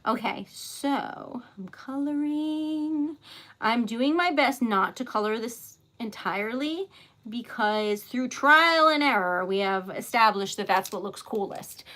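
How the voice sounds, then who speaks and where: A woman hosting a casual livestream while making wax seals, bubbly and excitable, giggling often and chatting with viewers. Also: a little high, takes it slowly. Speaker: livestream host.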